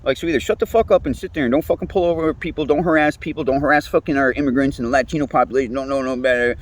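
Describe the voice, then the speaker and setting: A man's voice: mid-range voice, very fast. A man, ranting casually, rambling and swearing often. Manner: profane, rambling, animated, laughs often. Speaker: interviewee. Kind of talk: casual rant.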